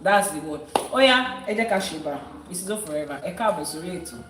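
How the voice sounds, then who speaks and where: A woman's voice: on the low side, expressive, fast talker, noisy background. A woman leading a live-streamed spiritual session as an Ifa priestess, coaxing and teasing her guest and chanting prayers. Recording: roomy sound from a distant mic.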